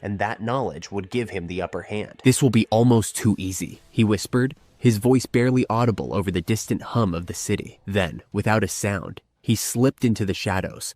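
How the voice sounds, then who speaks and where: A man reading a scripted story narration in a measured, steady way. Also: on the low side, no room sound.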